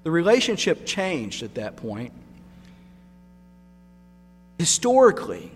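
A man's voice: a little high, huge pitch swings, slow pace. A man preaching a sermon, emphatic and repeating key words for stress. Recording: long hall reverb with mains hum.

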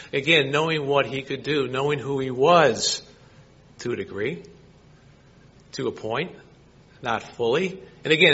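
A man's voice: fairly high pitch, sharp tone, dull audio. A man preaching a sermon, reading scripture and asking his listeners rhetorical questions. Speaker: pastor.

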